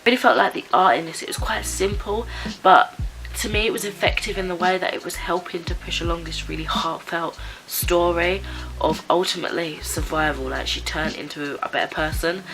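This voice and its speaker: A woman with a raspy, stuffed-up voice from a cold, chatting casually through a book review with lots of fillers and restarts. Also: on the low side, steady tone, fairly quick, fairly bright tone, poor audio. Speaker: book vlogger. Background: background music.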